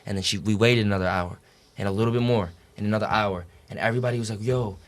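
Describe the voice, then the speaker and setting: A young man with a fairly low voice tells his story as a podcast guest. He talks casually and animatedly, swearing freely and filling his speech with "like" and "dude". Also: steady tone, rapid-fire.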